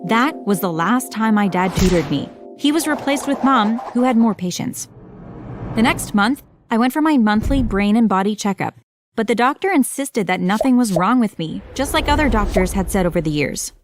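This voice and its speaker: A woman giving scripted first-person narration for an animated story, matter-of-fact with wry asides. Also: fairly high pitch, moderate pace, soft background music.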